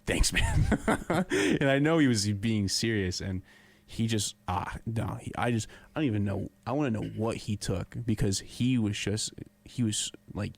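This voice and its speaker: A man's voice: on the low side, creaky, a little mellow. A young man co-hosting a podcast, telling a story in a casual, laughing way. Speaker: podcast co-host. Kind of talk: casual chat.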